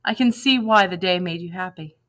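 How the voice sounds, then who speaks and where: A woman's voice: lowish voice, fairly quick, fairly bright tone, natural voice. Woman voicing a wounded young man, dry, teasing, stubborn.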